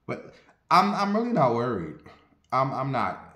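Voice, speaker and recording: He's a man in his forties who vents and tells stories in a blunt, sassy, profane way. His pitch sits in the middle range, and a roomy echo hangs around his voice. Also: sing-song, measured pace, pushed and bright. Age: 40s. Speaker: vlogger. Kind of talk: casual storytelling monologue.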